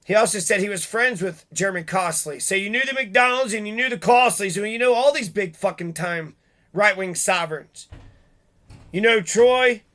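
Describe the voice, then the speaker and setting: A man's voice: sits high, normal speed, fairly bright tone. A middle-aged man delivering an angry, profane vlog rant full of rhetorical questions. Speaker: vlogger. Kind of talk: angry ranting monologue.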